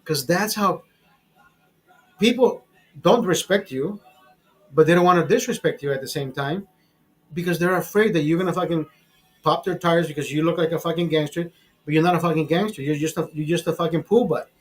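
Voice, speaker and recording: A man hosting his own vlog, telling a story in a casual, profane and animated way, often repeating words when excited. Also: fairly high pitch, brisk, pauses often. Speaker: vlog host.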